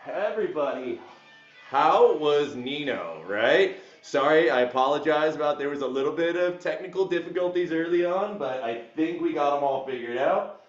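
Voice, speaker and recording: A man hosting a live workout class from a back house, hyped and shouting greetings like a hype man. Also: on the high side, expressive, normal speed, faint music behind. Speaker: fitness instructor. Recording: echoey room, dull lo-fi sound.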